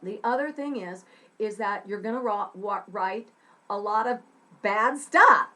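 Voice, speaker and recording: A woman's voice: medium pitch, measured pace, pushed and bright. A woman giving a casual, encouraging lesson on scriptwriting to students, acting out her own reactions. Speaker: writing teacher.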